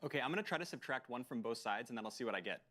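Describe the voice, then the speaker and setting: A man's voice: medium pitch, expressive, very fast, sharp tone. A man presenting in a live product demo, casual and upbeat.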